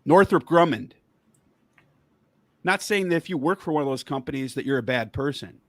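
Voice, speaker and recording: A man's voice: a little high, expressive, normal speed, fairly bright tone, dry recording. A man hosting a podcast, angrily ranting about politics and swearing heavily. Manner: angry, heavy swearing, worked up. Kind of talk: profane political rant.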